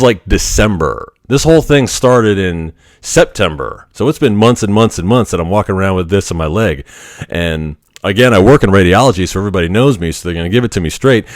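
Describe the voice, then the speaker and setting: A man hosting a podcast, telling a personal story in a frank, animated way with the odd curse. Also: low voice, dry recording, studio quality. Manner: frank, animated, occasionally profane. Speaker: podcast host. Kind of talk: casual storytelling monologue.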